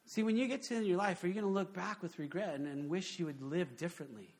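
A man preaching a sermon in an animated, conversational way, full of rhetorical questions. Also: high voice, quick pace. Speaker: pastor.

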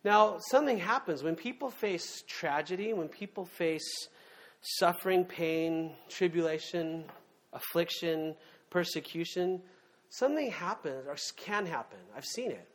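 Conversational preacher, man, higher voice. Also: lively intonation, a little slow, fairly bright tone. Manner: conversational, emphatic, frequent fillers and asides. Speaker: pastor. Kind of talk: sermon.

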